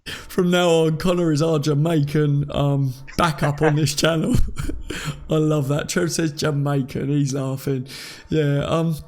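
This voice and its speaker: Gravelly joking man hosting a live chat. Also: fairly high pitch, level tone, measured pace, a little mellow. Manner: jokey, laughs often. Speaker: podcast host. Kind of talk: casual chat reading live comments.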